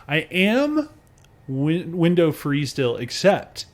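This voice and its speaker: Animated male podcast co-host telling stories. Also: fairly high pitch, slow pace. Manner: animated storyteller who acts out the people he quotes and often breaks into laughter. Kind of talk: casual podcast chat.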